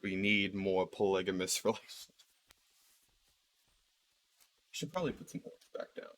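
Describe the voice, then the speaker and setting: A man's voice: low-pitched, normal speed, a bit bright, a little hiss or hum. A man ranting casually while playing a game, rambling with lots of fillers and swearing. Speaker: video creator. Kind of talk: casual rant while gaming.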